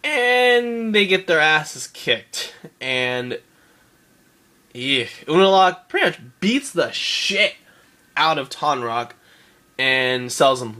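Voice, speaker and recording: A man's voice: a little high, lively intonation, takes it slowly, fairly bright tone. A man giving a casual episode recap, rambling and swearing, often laughing. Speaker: show reviewer.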